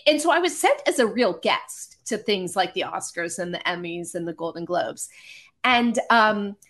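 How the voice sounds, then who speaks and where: A woman, a podcast guest, telling stories in a casual, animated, self-deprecating way with many restarts. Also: medium pitch, moderate pace. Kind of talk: casual storytelling.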